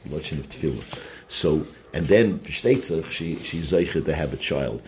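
A man's voice: rumbling low, moderate pace, a little mellow. A man teaching a weekly Torah portion class, earnest and explanatory, often restarting and repeating his words. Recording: noisy recording.

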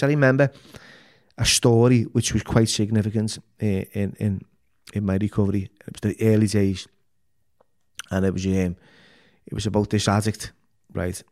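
A man's voice: on the low side, a little mellow. A man with a Liverpool accent, a podcast guest telling his life story frankly and emotionally, with plenty of swearing and false starts. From Liverpool, England. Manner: frank and emotional, heavy swearing, many restarts. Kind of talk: candid personal storytelling.

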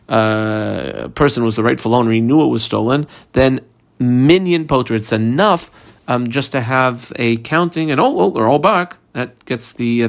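Gravelly-voiced man teaching a text lesson. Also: mid-range voice. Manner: explains step by step, reading text aloud and marking it up; mixes casual chat with quoted Aramaic terms. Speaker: Talmud teacher. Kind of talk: daily page study lesson.

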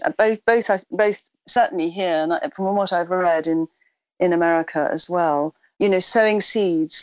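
A woman's voice: fairly low pitch, no echo. A woman author answering interview questions in a reflective way, often restarting her sentences. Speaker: author guest.

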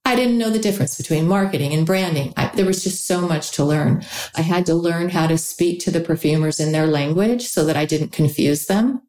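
A woman who founded a perfume brand, answering interview questions in a calm, measured, explanatory way. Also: low voice. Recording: echoey room.

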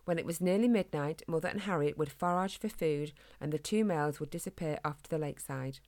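Woman, storybook narrator, calm, gentle, lowish voice, dry close sound. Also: a little fast, no room sound. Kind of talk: storybook reading.

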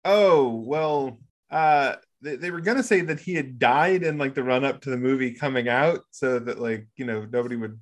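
A man hosting a podcast, talking in a relaxed, conversational way. He chuckles often and lets his sentences drift. His pitch sits in the middle. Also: brisk, hardly any pauses. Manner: relaxed, laughs easily, trails off. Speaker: podcast host. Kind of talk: casual chat.

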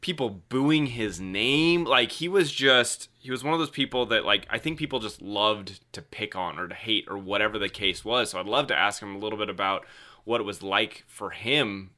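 A man hosting a podcast, chatting loosely and excitably with lots of "like". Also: on the low side, moderate pace. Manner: loose, excitable, heavy use of "like". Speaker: podcast host. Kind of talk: casual podcast chat.

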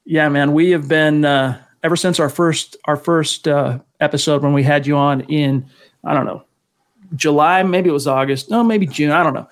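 A man's voice: on the high side, fairly even intonation, normal speed. A man hosting a sports talk show, talkative and often restarting his sentences. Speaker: sports podcast host.

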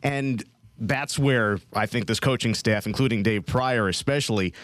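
A man analysing coaching in a sports panel chat, explaining his points in a measured way. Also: medium pitch, fairly bright tone, no room sound, clean studio sound.

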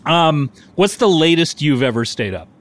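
A middle-aged man co-hosting a comedy podcast, halting and deadpan, with many restarts. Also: on the high side, no room sound. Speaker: podcast co-host. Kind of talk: improvised comedy podcast chat.

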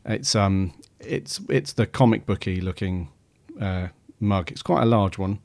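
Low-voiced hesitant man. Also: unhurried, creaky, a little mellow, no echo. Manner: hesitant, lots of ums. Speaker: podcast co-host. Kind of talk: casual chat.

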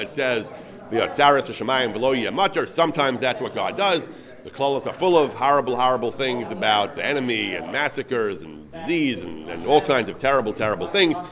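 A man giving a text-study lecture as a Torah teacher, reading verses aloud and translating them line by line with earnest repetition. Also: medium pitch.

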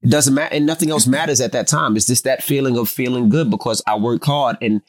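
A man's voice: mid-range voice, fast, no echo. A man co-hosting a podcast with his partner, telling joking stories in casual chat. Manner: joking, boastful storyteller. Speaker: podcast co-host.

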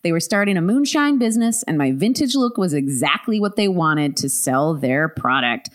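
A woman podcast host reading a listener's story aloud, animated, laughing often with quick asides. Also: lowish voice.

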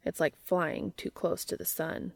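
A shy, earnest man murmurs in soft breathy whispers, as a woman reader puts him on. The voice sits low with a gravelly fry, recorded close and dry with no room sound. Gentle and unassuming in an amateur audiobook. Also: level tone, unhurried, no room sound. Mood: tender.

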